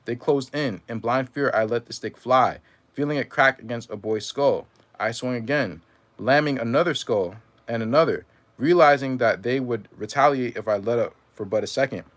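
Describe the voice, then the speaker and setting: A man reading a first-person memoir aloud in a measured way, now and then stumbling and correcting himself. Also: medium pitch. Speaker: reader.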